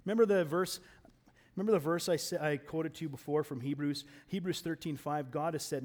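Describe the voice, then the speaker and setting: A man with a slightly high voice preaches at a fairly quick pace, keeping the sermon conversational. He often starts over and repeats words, alternating raised emphasis with hushed asides.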